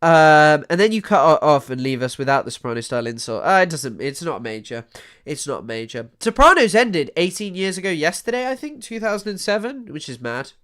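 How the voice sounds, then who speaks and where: A young man doing casual live-stream commentary, animated and sweary, often trailing off into mumbles. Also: a little high, brisk, smooth. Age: young adult. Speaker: streamer reacting to news clips.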